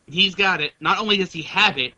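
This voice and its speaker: A man's voice: high voice, fairly quick, pushed and bright. A man co-hosting a podcast, presenting news items in a wry, sarcastic way. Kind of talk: casual chat, reading news items. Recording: dull lo-fi mic.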